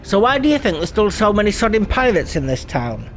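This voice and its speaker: A man voicing a gruff, swaggering male pirate guild boss, reading the lines with stumbles. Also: high voice, very animated, brisk, soft background music, voice pushed up. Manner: blunt, salty talk read aloud with stumbles.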